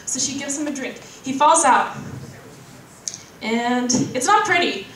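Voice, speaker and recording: A high-voiced woman tells a long joke with animation, acting out the dialogue as she goes. She sounds far from the mic in an echoey hall. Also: moderate pace, a bit bright, slight background noise. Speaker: audience contestant. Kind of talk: storytelling a joke.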